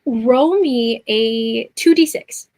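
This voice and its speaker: Woman game master, chatty and rambling, a touch high-pitched. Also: very slow, a little mellow. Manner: chatty, many fillers and restarts. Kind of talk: narrating a tabletop game.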